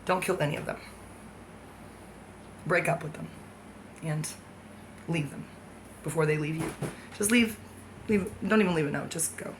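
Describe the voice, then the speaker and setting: A woman's voice: sits low, normal speed, pauses often, background noise. A woman vlogger talking to camera in a rambling, profane, sardonic monologue.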